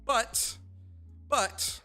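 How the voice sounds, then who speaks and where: Hyped, slangy gaming stream host. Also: male voice, drawn-out words, pushed and bright, faint music behind. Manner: hyped, slangy, talks straight to his chat. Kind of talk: casual livestream chat.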